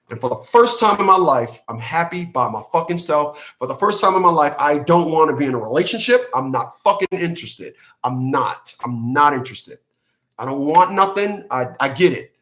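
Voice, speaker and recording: A man's voice: on the high side, a bit bright. Blunt profane man ranting. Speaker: channel host. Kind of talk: rant monologue to camera.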